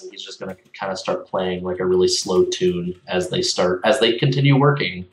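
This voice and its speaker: Tabletop rpg player guy, kinda low voice, laid-back and rambly, echoey room. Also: steady tone, brisk, distant mic. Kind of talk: describing his character's actions.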